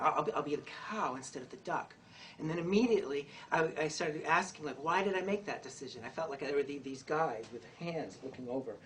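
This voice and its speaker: A woman who grew up in Tunisia telling a rambling, halting story to a live audience, with many restarts and bursts of laughter. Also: on the low side.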